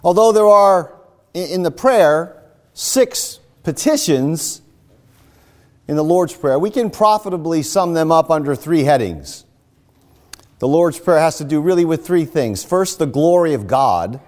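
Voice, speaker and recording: Lively expository male preacher. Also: fairly high pitch, unhurried. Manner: expository, explains scripture step by step. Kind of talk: sermon.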